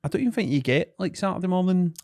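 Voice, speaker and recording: A man's voice: high-pitched, animated, quick pace, darkish tone, dry recording, clean studio sound. A Scottish man co-hosting a podcast, chatting casually with short reactions and a lot of laughing. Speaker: podcast co-host. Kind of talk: casual chat.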